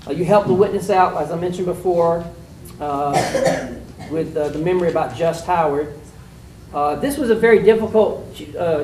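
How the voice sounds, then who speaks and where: A man's voice: a little high, darkish tone, a little hiss or hum. A man acting as a mock trial judge, giving plainspoken spoken critiques to students with many fillers, recorded from far off in an echoey room.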